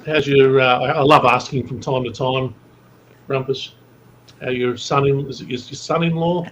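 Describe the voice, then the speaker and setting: A man's voice: medium pitch, fairly even intonation, normal speed, dull audio, a little hiss or hum. A man with a South African accent, chatting and teasing dryly as a guest on a livestream video call. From Cape Town, South Africa. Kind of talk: casual group chat.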